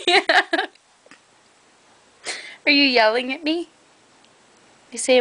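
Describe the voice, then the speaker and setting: A mother in a home video croons to her baby in a bright, high voice. She talks slowly and gently, cooing in sing-song baby talk and laughing along the way. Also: expressive.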